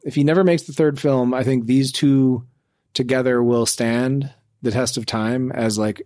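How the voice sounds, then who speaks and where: A man co-hosting a casual podcast, giving his view on a film in a measured, thoughtful way. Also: medium pitch, steady tone, a little mellow, no room sound, clean studio sound. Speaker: podcast guest co-host. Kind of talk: casual movie review chat.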